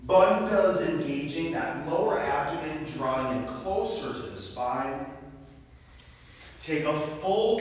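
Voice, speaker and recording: Male yoga instructor, higher voice, recorded from a distance in a reverberant studio with faint background noise. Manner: cueing poses in rhythm with the breath. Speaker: yoga teacher. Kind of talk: live yoga class instruction. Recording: echoey studio with long reverb, mic far off.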